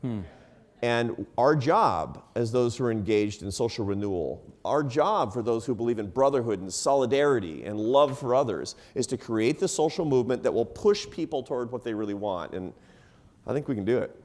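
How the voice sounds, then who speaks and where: A man's voice: medium pitch, animated, moderate pace, darkish tone. A middle-aged man from the United States telling a story on stage to a live audience, with laughs and self-deprecating asides. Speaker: panelist. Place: event hall before a live audience.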